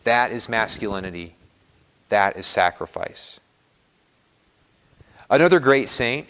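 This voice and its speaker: A Catholic priest giving a homily in a church, speaking in a measured, emphatic way that builds lists of words. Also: male voice, fairly low pitch. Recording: long church reverb, dull lo-fi sound.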